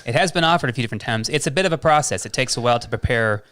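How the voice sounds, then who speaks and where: A man's voice: mid-range voice, expressive, rapid-fire, a bit bright, clean tone, dry recording, studio quality. A man chatting as a guest on a live stream, easygoing and joking. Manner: mild, joking, easygoing storyteller. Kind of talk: casual chat on a live stream.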